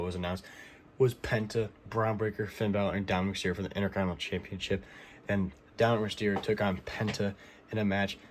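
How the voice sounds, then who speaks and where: A man talks through the week's wrestling in a casual, rambling way, dropping fillers and blunt opinions as he goes. His voice sits low and stays flat, with little rise or fall. A faint hiss runs under the recording. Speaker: wrestling recap host. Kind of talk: casual recap commentary.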